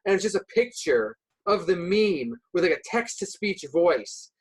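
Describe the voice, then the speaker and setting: Lively-voiced young man rambling in a podcast. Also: high voice, normal speed, husky, poor audio. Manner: hesitant, heavy with "like" and "uh", restarting sentences. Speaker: podcast guest, subreddit moderator. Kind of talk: casual podcast chat.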